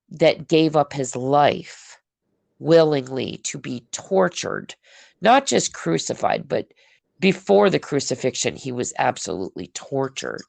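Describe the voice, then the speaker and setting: A woman hosting a casual conversation about faith, telling stories with lively acted-out asides. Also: deep voice, vocal fry, dry recording. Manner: animated storyteller, acts out her own prayers. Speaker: podcast host.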